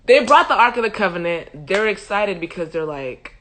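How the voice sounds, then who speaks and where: A young woman hosting a livestream, retelling a Bible story in a humorous, slangy, animated way into a phone mic. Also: mid-range voice, normal speed, hardly any pauses. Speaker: host. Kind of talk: casual Bible study retelling.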